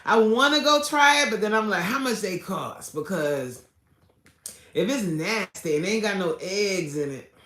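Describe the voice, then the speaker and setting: A woman, chatting casually and animatedly with viewers on a live stream from her car, laughing often and swinging between loud and soft. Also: fairly low pitch, lively intonation, a little slow, echoey room. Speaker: livestream host chatting with viewers.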